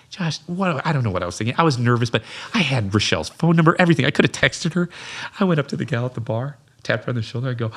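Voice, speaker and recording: A middle-aged man telling stories in a casual podcast chat, animated, acting out his own past lines. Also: medium pitch, fast. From Minnesota, USA. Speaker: podcast guest, business owner.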